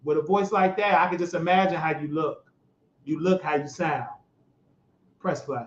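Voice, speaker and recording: A man with a high voice hosts his own show and tears into politics in a loud, mocking rant, climbing to shouts as he gets worked up. The sound is roomy and a little dull, as if from a home setup. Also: normal speed. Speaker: show host. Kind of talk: heated political commentary.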